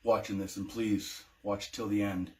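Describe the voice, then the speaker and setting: An American veteran tells his own story in a personal testimony vlog, his voice on the low side with little pitch movement. He speaks unhurriedly, emotional and hesitant, with many ums and restarts. A slight hiss or hum sits under the recording.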